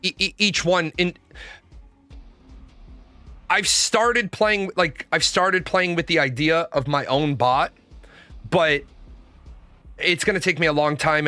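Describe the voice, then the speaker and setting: A man's voice: fairly high pitch, bright, forceful tone, no room sound. A man livestreaming in casual chat, telling rambling anecdotes with swearing and reading out questions. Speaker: live streamer.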